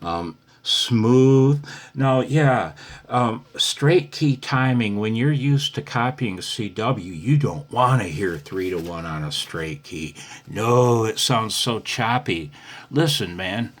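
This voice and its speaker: Slow, deep-voiced older man teaching radio. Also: expressive. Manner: chatty, laughing, calls listener "man". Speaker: ham radio instructor. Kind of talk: casual video lesson.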